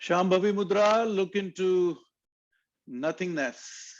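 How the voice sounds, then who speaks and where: A man leading a yoga class, calmly cueing breath and poses and chanting short mantras. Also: on the high side, slow pace, dry recording, dull audio. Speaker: yoga instructor. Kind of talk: guided yoga instruction.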